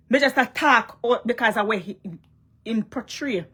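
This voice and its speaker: A woman's voice: on the high side, moderate pace, fairly bright tone, husky. Scolding Jamaican woman vlogger. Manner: confrontational, scolding, mixes Patois and English. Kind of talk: heated monologue to a rival.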